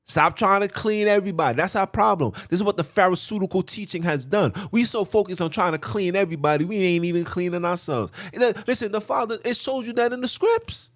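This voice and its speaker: Guy preaching hard, high voice, aave, repeats himself in rhythm, ooh-ing out loud. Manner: rhythmic, repetitive preaching with vernacular speech and sudden drawn-out exclamations. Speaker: podcast preacher. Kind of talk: impassioned sermon.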